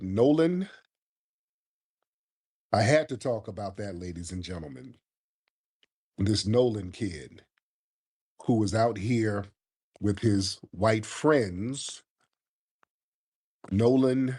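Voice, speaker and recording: A man hosting a casual live stream while hoarse from a cold, talking in slang and calling out to his viewers. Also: lowish voice, a little mellow. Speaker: livestream host. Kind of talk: casual livestream commentary.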